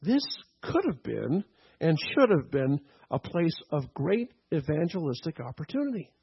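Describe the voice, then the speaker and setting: Male pastor, teaching sermon, slightly raised pitch, husky, muffled recording. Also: very animated, a little slow. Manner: teaching tone, frequent "okay?" and "right?" checks.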